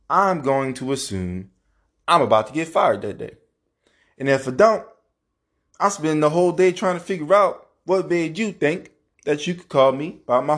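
A man from New Orleans hosting his own podcast alone, talking casually and emphatically with plenty of swearing and the odd rant. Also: fairly high pitch. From New Orleans, Louisiana. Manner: profane, ranting, emphatic. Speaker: podcast host. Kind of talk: casual solo podcast monologue. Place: apartment at home.

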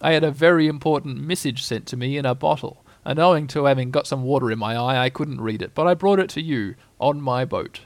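A man voicing a gentle, simple male bear with a growly voice in a storybook reading. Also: mid-range voice, fairly quick, hardly any pauses, dry recording, lightly acted.

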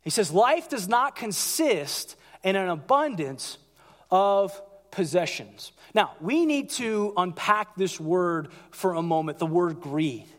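A man preaching a sermon as pastor, animated, acting out quotes in a raised voice. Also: high-pitched, takes it slowly. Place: large church hall. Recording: church hall with long reverb.

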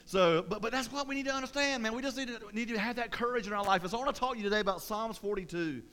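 Man, pastor, high voice, lively sermon talk, restarts. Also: racing. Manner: energetic, conversational preaching with many restarts.

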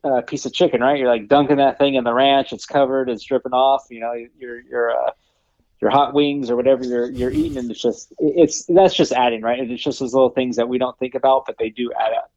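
A man co-hosts a casual podcast, explaining basics earnestly and checking in with frequent tag questions. His pitch is average for a man. The recording sounds a little dull and muffled. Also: fairly quick, darkish tone, dry recording. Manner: earnest, explanatory, many restarts and "right?" tags. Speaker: podcast co-host. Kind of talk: casual chat.

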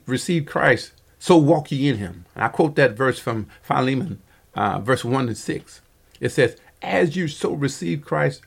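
A male pastor delivers a Bible-study sermon in a gravelly, husky voice. He stumbles through fillers and corrects himself often, and he presses harder and more earnestly when he urges his listeners on. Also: a little high. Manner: halting delivery, frequent fillers and self-corrections; earnest, rising emphasis on exhortations.

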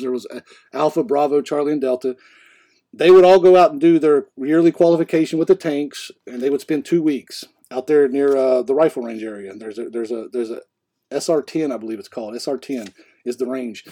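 A man's voice: a little high, dark tone. A man co-hosting a podcast, telling rambling stories in a casual way, often restarting his sentences. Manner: rambling, self-correcting anecdotes. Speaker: podcast co-host. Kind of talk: casual storytelling.

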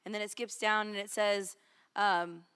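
A woman's voice: mid-range voice, steady tone, unhurried, a bit bright, smooth, big-room sound. A woman preaching a sermon in a casual, storytelling way, full of "like" and quoted dialogue. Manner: conversational storytelling, lots of "like".

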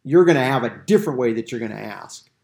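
A man's voice: medium pitch, animated, quick pace, creaky, a little mellow. A man leading a Bible study discussion, explaining Greek grammar with everyday examples. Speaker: Bible teacher.

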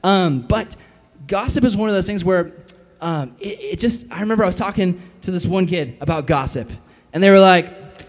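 Animated man giving a casual youth sermon. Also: high-pitched, moderate pace. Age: adult. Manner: animated, jokey, acts out quotes in funny voices. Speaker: youth pastor.

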